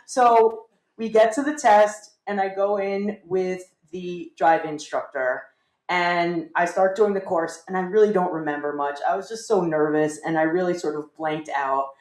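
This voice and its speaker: A woman telling a funny personal story on stage, animated and self-mocking. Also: fairly low pitch, unhurried. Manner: animated, self-mocking, acts out voices of family. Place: small theater with live audience. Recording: roomy live theater sound.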